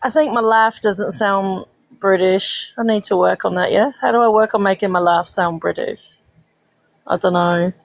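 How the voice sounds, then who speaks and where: A woman's voice: mid-range voice, fairly even intonation, normal speed, creaky, no echo. A woman from Texas hosting a casual live-stream chat from home, talking with a loose, swearing, chatty manner and laughing often. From Texas, USA. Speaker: livestream host.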